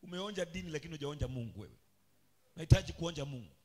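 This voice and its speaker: A man preaches in a church, his husky, fairly high voice leaping between shouted calls to the congregation and hushed asides. He slides into a sing-song chant at times, his pitch swinging widely. Faint music plays underneath. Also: expressive, rapid-fire. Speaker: pastor. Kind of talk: charismatic sermon. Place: church sanctuary.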